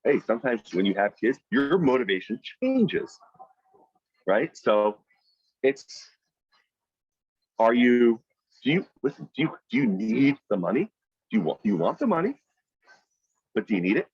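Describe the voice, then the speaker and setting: A man leading a weekly team meeting over a video call, telling a story and giving an emphatic motivational talk that jumps to loud, high peaks. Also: big pitch swings, measured pace, pauses often, slightly rough, no room sound, highs cut off. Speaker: team leader running a weekly sales meeting. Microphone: video call microphone.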